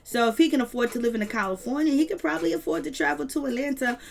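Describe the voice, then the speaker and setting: A woman's voice: high voice, quick pace, vocal fry, soft background music. A woman giving a casual recap of a reality show, talking in emphatic slang and running through long lists. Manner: retells scenes with quoted voices.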